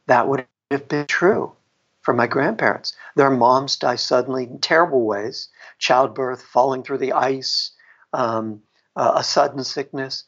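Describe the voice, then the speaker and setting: A middle-aged man, a book author, tells a personal story in a reflective way, laughing often and restarting his sentences. His voice is husky and sits at a middle pitch. The recording sounds dull and lo-fi. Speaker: author and guest. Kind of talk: storytelling in a podcast interview.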